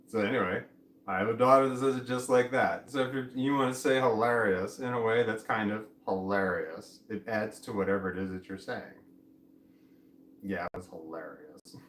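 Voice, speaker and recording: A man's voice: lowish voice, a bit bright, slight background noise. Rambling middle-aged man in a roomy space. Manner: meandering, self-interrupting, chuckling. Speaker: vlogger. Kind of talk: rambling casual monologue. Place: home room. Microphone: camera mic at a distance. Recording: roomy home recording, faint ambience.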